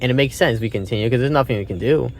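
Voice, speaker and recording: A man's voice: mid-range voice, very fast, a little hiss or hum. A man giving a casual, rambling spoken film review, swearing often and restarting his sentences with fillers.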